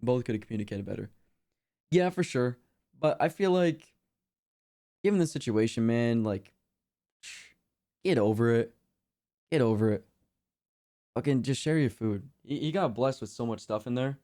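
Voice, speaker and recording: A young man chatting on a live stream, slangy and laid-back, drifting through his thoughts with plenty of fillers. His voice is mellow and dark, sitting at an ordinary middle pitch. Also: expressive, a little slow, long pauses. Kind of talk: casual reaction chat.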